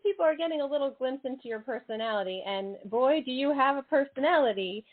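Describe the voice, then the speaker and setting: A woman's voice: high-pitched, expressive, quick pace. A woman hosting a radio show in casual interview chat, bubbly and chatty with frequent laughs and exclamations. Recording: tinny phone-like line.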